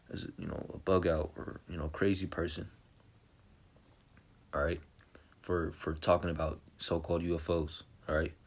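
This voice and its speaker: A man teaching from scripture in an informal preaching style. He reads verses slowly and then explains them in casual talk, checking in constantly with "all right?" and "okay?". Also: low-pitched. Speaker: Bible teacher.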